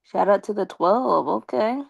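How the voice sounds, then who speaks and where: A woman's voice: medium pitch, measured pace, gravelly, husky, no echo, lo-fi sound. A woman hosting a casual live stream, reading viewer comments aloud in a playful, teasing way and laughing often.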